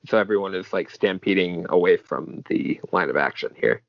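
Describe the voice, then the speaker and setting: Low laid-back man on dry mic. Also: moderate pace, hardly any pauses, no echo, highs cut off. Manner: laid-back, reads panels aloud. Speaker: podcast co-host. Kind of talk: casual chat recapping a manga chapter.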